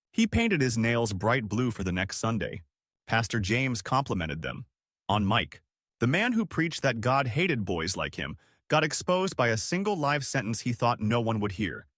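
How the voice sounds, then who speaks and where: A man narrating scripted stories with a lively, dramatic delivery. His pitch swings widely, rising and falling through each sentence. The recording is close and dry, with no room sound around him. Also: no room sound.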